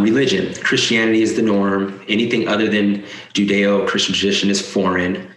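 A man's voice: sits low, fairly bright tone. A man giving casual commentary as he reads points aloud, with sarcastic, incredulous asides. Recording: echoey room.

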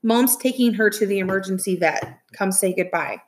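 A woman's voice: medium pitch, moderate pace, slight background noise, close to an everyday voice. A woman reading aloud, voicing a tearful teenage girl who urges her little brother along. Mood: upset, tearful. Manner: pleading, tearful. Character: worried teenage girl, big sister.

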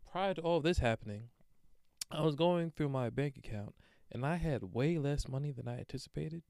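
A young podcast host talks through his week in a loose, profane monologue and acts out people's lines as he goes. His voice is smooth and resonant at an ordinary male pitch. The recording is dry and close. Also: no echo. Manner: profane, animated storytelling. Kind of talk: casual monologue.

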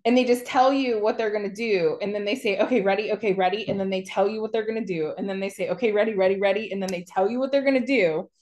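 A woman co-hosting a casual podcast, talking in long rambling stretches. She keeps restarting her sentences and mimics the people she describes. Her voice sits at an ordinary middle pitch. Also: fast talker, hardly any pauses. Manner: rambling, animated storytelling with mocking quotes. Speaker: podcast co-host. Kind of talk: casual chat.

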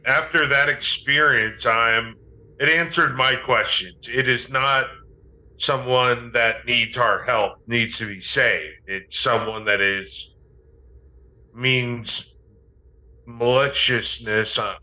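Guy player, slow and bright sounding, in character. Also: medium pitch, rough recording. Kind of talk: in-character play.

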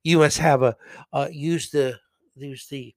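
A man's voice: on the high side, fairly even intonation, unhurried, no echo. A man hosting a podcast, talking in a brash, mocking, swaggering way about his bartending work. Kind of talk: opinionated podcast monologue.

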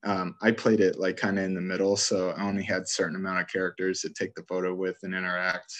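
A man's voice: sits low, level tone, quick pace, a bit bright. A man chatting casually about a video game he loves, rambling through favorite scenes and laughing as he retells them.

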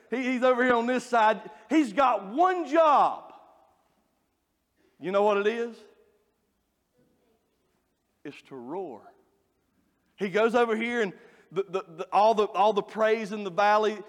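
A man preaching a sermon, folksy and joking as he tells animated stories. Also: high voice. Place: church. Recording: long reverb of a church hall.

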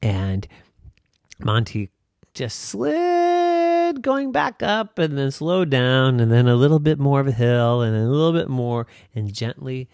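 A man telling an improvised children's story, animated and playful. He takes his time, his pitch rising and falling freely, on a dry, close recording. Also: measured pace, no echo.

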